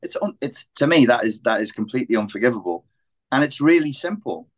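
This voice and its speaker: A man hosting a podcast talks in an exasperated rant, swearing freely. His pitch leaps up sharply and drops again as he hammers his points home. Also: lively intonation, a little fast. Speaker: podcast host. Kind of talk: heated podcast discussion.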